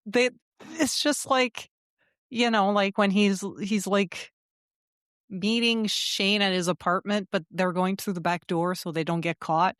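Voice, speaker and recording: A woman co-hosting a gaming podcast in casual chat, blunt and animated, swearing freely as she tells stories. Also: medium pitch, unhurried, clean tone, no echo, clean studio sound. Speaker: podcast co-host.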